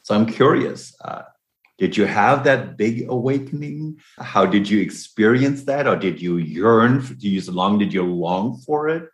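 A man's voice: fairly low pitch, expressive, unhurried, echoey room. A man hosting an interview, asking curious, searching questions and sharing his own memories. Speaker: host. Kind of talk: interview conversation.

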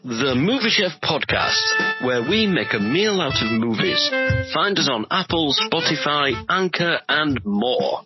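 Man, comedic podcast promo, mock announcer voice, dull lo-fi audio, loud music. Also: a little high, big pitch swings, a little slow. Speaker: podcast host in an ad.

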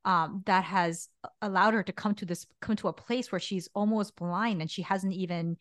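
A woman co-hosting a podcast, talking in an empathetic, expressive, conversational way. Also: medium pitch, normal speed, no room sound, studio quality. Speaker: podcast co-host.

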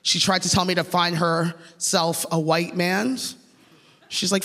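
A woman from Canada performing a stand-up set, telling stories in an animated way and acting out the voices she quotes. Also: lowish voice, a little slow. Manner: animated, acts out quoted voices, laughs through lines. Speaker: stand-up comedian. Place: comedy stage. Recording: reverberant stage sound with long echo.

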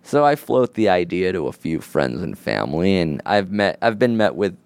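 Man, very low gravelly voice, casual joking podcast chat, dry close mic. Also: big pitch swings, moderate pace, a little mellow, no room sound. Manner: joking, laughs often, many "like" fillers. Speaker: podcast co-host.

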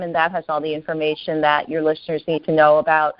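A woman's voice: deep voice, little pitch movement, dry recording. A woman guest who works as an astrologer, speaking earnestly with small stumbles. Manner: earnest, slightly halting. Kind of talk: interview answers. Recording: dry lo-fi sound.

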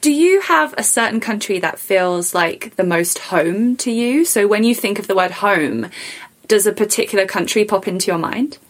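A woman's voice: medium pitch, expressive, normal speed. A woman hosting a casual interview, chatty and enthusiastic, laughing often. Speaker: podcast host.

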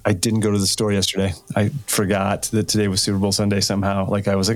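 A man co-hosting a podcast in casual chat, jokey and quick to laugh. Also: on the low side, completely flat delivery. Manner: jokey, laughs often, does quick impressions. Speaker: podcast co-host.

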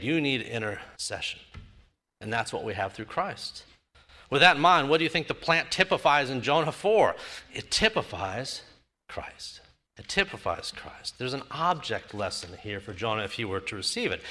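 A man's voice: medium pitch, bright, forceful tone. A male pastor preaching a sermon, emphatic and building his points through repeated phrases.

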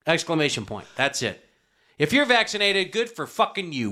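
A man co-hosting a podcast, chatting casually in a crude, excitable way. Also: high-pitched, a little fast. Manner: crude, loud, excitable banter. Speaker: podcast co-host. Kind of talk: casual chat.

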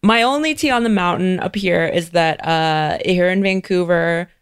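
A man's voice: high-pitched, moderate pace, clean tone. A man hosting a podcast, chatting casually and telling anecdotes with frequent laughs. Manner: giggly, animated storytelling. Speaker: podcast host. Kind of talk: casual chat.

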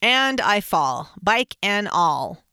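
A woman host telling a personal story in a casual, animated way. She laughs often and acts out the shouts of other people. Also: medium pitch, takes it slowly, smooth, dry recording, clean studio sound.

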